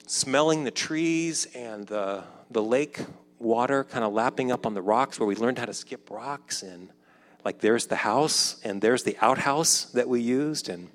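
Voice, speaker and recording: A man in his fifties telling a personal story in a conversational way, acting out the dialogue and dropping softer when reflective. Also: mid-range voice, measured pace. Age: 50s. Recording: long hall reverb.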